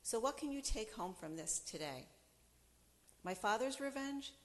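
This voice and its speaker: A middle-aged woman from the United States giving a storytelling talk, animated and acting out the people she quotes. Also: fairly high pitch, unhurried, in a large hall. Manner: animated storyteller who acts out quoted voices. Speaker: speaker.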